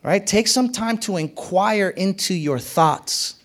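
A man preaching a sermon, emphatic and repetitive, sometimes dropping his voice to a whisper and sometimes rising sharply. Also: slow pace. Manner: emphatic, repeats key phrases, pitch swings widely.

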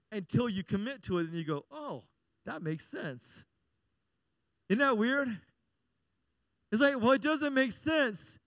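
A man pastor preaching a sermon in a church, impassioned, rising to shouts and sung lines. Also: high voice, dry recording.

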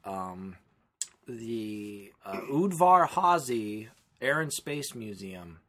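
A man co-hosting a casual film podcast, talking in a rambling, animated way and often breaking off and restarting mid-sentence. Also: fairly low pitch, very slow. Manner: rambling, animated, self-interrupting. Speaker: podcast co-host.

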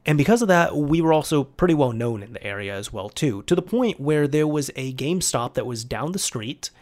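A man's voice: on the high side, darkish tone. A young man telling a casual, rambling story in a conversational storytime monologue. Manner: rambling, conversational with fillers and restarts.

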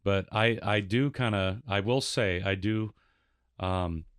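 A man's voice: on the low side, takes it slowly, clear, resonant tone, no echo, studio quality. A man who is a singer-songwriter guest, talking in an easygoing, thoughtful and self-deprecating way about his music. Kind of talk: casual interview chat.

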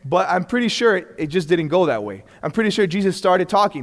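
Animated male Bible teacher in a reverberant hall. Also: high-pitched, brisk, hardly any pauses. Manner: animated, often acts out quoted dialogue; frequent restarts and check-ins. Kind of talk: conversational classroom teaching.

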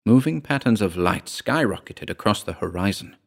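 Low-voiced wry male story narrator. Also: animated, normal speed, gravelly. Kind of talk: first-person story reading.

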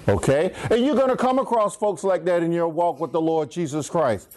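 A middle-aged pastor with a lilt leads a call-and-response Bible lesson, his voice high for a man and a little mellow. At a moderate pace he preaches with pitch swinging up and down, repeatedly asking listeners to call out the last word.

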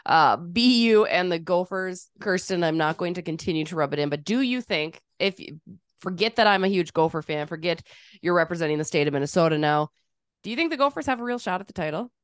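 A woman co-hosting a podcast with chatty, teasing, animated sports talk. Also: lowish voice, a little fast, clean tone, no room sound, clean studio sound. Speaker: podcast co-host. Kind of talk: casual sports chat.

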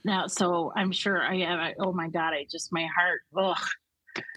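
A woman's voice: on the low side, steady tone, measured pace, pushed and bright, slight background noise, poor audio. A woman in her fifties, a comedian guest, telling stories in a casual chat, blunt and profane.

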